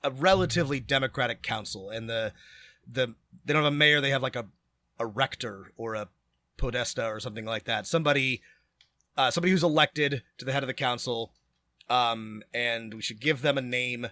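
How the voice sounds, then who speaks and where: A man co-hosting a podcast, chatting casually and rambling through quick asides while planning a tabletop adventure. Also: mid-range voice, bright, forceful tone, dry recording. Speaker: podcast co-host.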